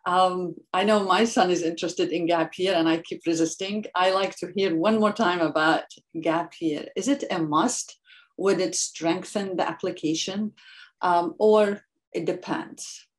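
A woman's voice: fairly low pitch, steady tone, measured pace. A middle-aged woman moderating a webinar interview, asking questions in a friendly way with hesitant phrasing.

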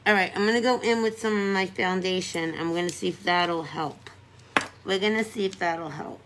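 A middle-aged woman chats casually on a live stream while doing her makeup, giggling and talking to her viewers as she goes. Her voice is on the low side and a bit bright, at a normal speed, with slight background noise.

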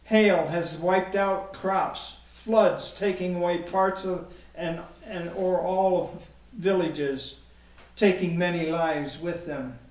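Male preacher, high voice, slow deliberate sermon, echoey church room heard from a distance. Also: a little mellow. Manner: slow, emphatic delivery. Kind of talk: sermon with scripture reading.

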